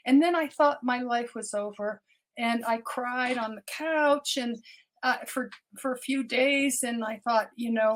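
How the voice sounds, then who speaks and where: A woman's voice: on the high side, unhurried, slight background noise. An older woman, a doctor, telling her personal story as a podcast guest, earnest and often repeating words as she restarts her sentences.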